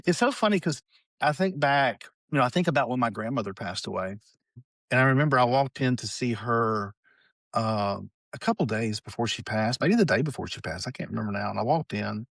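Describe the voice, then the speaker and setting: A middle-aged man shares a personal story at an unhurried storyteller's pace, folksy and full of small asides. His voice is at an ordinary middle pitch for a man. The sound is close and dry, with no trace of a room. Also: animated, vocal fry, a bit bright, no echo. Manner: folksy storyteller, many "you know" fillers. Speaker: podcast guest. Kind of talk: anecdotal storytelling in conversation.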